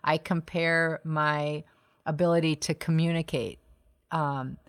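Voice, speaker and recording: Middle-aged woman podcast co-host, low voice, reflective and chatty, laughs easily. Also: steady tone, slow. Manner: reflective, laughs often, restarts sentences. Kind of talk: casual conversation.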